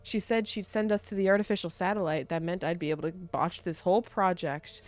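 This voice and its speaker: A woman's voice: lowish voice, steady tone, fairly quick, faint music behind, natural voice. Woman reading as a smug young villain.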